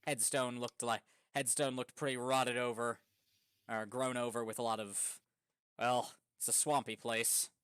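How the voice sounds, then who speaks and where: A woman's voice: rumbling low, flat delivery, unhurried, a bit bright, clear, resonant tone, no echo, studio quality. A woman narrating as game master in a streamed tabletop game, playful and laughing often.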